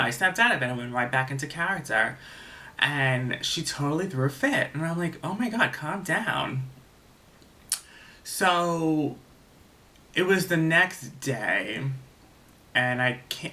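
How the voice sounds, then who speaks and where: Bright-voiced young man telling a rambling story. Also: medium pitch. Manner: rambling, lots of "like" and restarts, swears freely. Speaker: vlogger. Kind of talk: storytime vlog.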